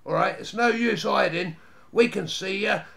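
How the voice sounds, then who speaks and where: A man reading a storybook aloud and voicing the youngest boy of a rough family, cheeky and defensive in slangy speech. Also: sits high, wildly swooping pitch, fast talker, pitched above the performer's own voice, full character voice. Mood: taunting.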